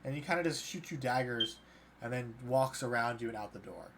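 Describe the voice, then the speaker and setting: A man's voice: mid-range voice, animated, a little fast, background noise. A man narrating as game master of a tabletop game, in a casual way full of fillers. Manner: casual, many fillers like "kinda".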